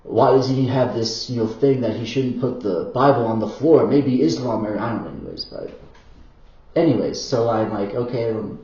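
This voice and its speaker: Man, mellow tone, loose rambling monologue with many fillers and restarts, roomy dull recording. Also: mid-range voice, animated, moderate pace. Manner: rambling and hesitant, full of fillers and self-corrections; apologetic asides. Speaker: vlogger.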